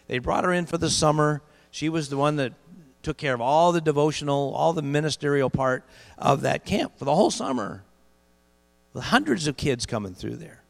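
A middle-aged man preaching a sermon, telling a story and building to loud emphatic peaks, slowing down on key phrases. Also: a little high, gravelly. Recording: long hall reverb with mains hum.

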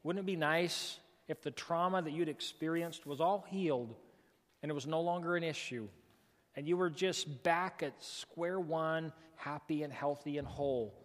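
A man's voice: fairly high pitch, normal speed, in a large hall. A male pastor, preaching a folksy, emphatic sermon with lots of repetition.

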